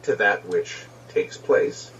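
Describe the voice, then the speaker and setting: A man's voice: deep voice, takes it slowly, fairly bright tone, a little hiss or hum. Hesitant man on a muffled distant clip. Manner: hesitant and questioning, with many ums. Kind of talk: musing discussion. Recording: muffled distant recording played back.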